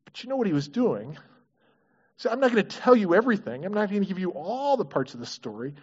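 A man's voice: high-pitched, very animated, fast talker, a little mellow, slightly rough. A man preaching a sermon, asking his congregation questions in an earnest, engaged way. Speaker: pastor. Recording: dull lo-fi recording.

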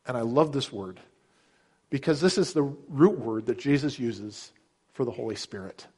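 A man's voice: a little slow, long pauses, a little mellow, slightly rough. A middle-aged man preaching a sermon, earnest and emphatic, acting out the characters' words with a lifted voice. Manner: earnest, emphatic, acts out quotes with raised pitch. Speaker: pastor.

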